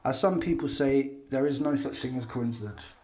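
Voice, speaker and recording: A man's voice: mid-range voice, moderate pace, darkish tone. A man giving sarcastic, mocking commentary over video footage.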